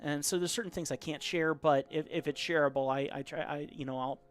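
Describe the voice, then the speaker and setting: A man's voice: on the high side, fairly even intonation, fairly quick, faint music behind. A man live-streaming his drawing, chatting casually and reading viewer comments aloud in a rambling way. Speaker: caricature artist live-streaming.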